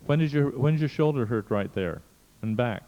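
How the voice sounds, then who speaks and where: A man's voice: mid-range voice, lively intonation, a little fast. A man leading a seminar group, urging and prodding with short, insistent commands. His voice carries a long reverb tail from the hall. The tape sounds dull and muffled. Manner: coaxing, insistent prompts. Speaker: seminar leader. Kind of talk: guiding a participant through a live workshop exercise.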